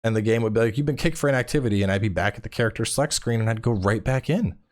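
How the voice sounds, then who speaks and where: A man's voice: on the low side, fast talker. A man in his thirties, a podcast guest and game streamer, chatting casually and acting out voices in his stories, swearing freely. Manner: animated storytelling, acts out quotes, swears casually. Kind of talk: casual chat.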